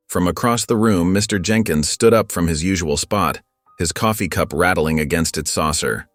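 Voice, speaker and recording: A man narrating a scripted story in a solemn, even manner. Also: very deep voice, moderate pace, no echo, soft background music.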